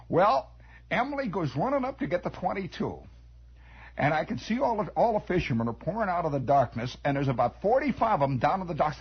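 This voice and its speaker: Man, Midwestern American accent, radio storyteller, husky voice, swooping dramatic delivery, muffled 1960s radio sound. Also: a little high, brisk. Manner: animated, dramatic, drops to hushed tones for suspense. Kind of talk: improvised radio storytelling monologue. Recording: dull lo-fi 1960s radio broadcast.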